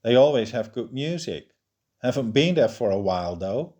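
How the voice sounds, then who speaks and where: A man's voice: mid-range voice, very animated, moderate pace, a little mellow. A man reading the lines of an easygoing young woman who loves music, breezy and upbeat.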